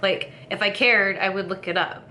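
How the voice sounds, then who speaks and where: A woman's voice: mid-range voice, fairly even intonation, normal speed, sharp tone, a little hiss or hum. A young woman from California chatting casually to camera as a vlogger, rambling and candid, with lots of fillers and laughing at herself.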